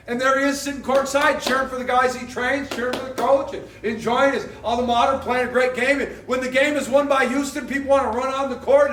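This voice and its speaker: A man preaching a sermon as a pastor, emphatic and repetitive, now and then rising to a shout. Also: extremely high pitch, slight background noise. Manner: emphatic, repetitive, swings loud. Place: church hall. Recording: roomy echo from far off.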